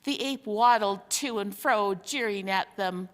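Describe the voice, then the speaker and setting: A woman reading a children's novel aloud, in an expressive storytelling manner. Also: mid-range voice, unhurried. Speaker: reader. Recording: long hall reverb.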